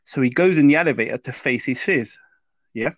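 A man's voice: mid-range voice, fairly quick, dry recording. Man explaining, dry close sound. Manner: explanatory, checks in with "yeah?" and "does that make sense?". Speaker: mindset teacher. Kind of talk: interview explanation.

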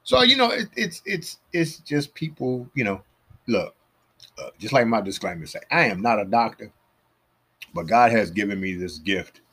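Low, husky man telling stories. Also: moderate pace. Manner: animated, acts out the people he quotes. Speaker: podcast host giving fitness advice. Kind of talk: casual storytelling monologue.

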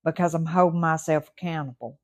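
A woman's voice: low-pitched, steady tone, fairly quick. Southern woman with a folksy, emphatic podcast voice. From Mississippi Gulf Coast. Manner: warm, folksy, emphatic and repetitive. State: recovering from surgery, a little short-winded. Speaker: podcast host. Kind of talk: encouraging motivational podcast talk.

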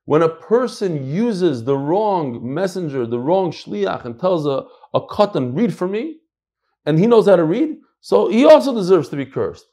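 An American man teaching a Talmud class, emphatic and animated, mixing in Hebrew and Yiddish terms. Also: sits high, normal speed, hardly any pauses. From United States. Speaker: Torah teacher.

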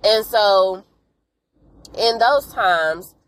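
A woman's voice: mid-range voice, rough recording. Chatty woman host recapping with slangy asides. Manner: animated storytelling with frank, slangy asides; acts out characters' lines in quick voices. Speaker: podcast host recapping a TV episode. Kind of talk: casual chat.

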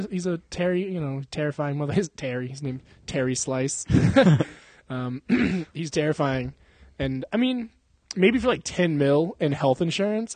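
A young man hosting a casual chat, swearing freely, laughing often and telling animated stories. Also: on the high side, breathy edge, dry recording. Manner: profane, laughing, animated storytelling. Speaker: podcast host.

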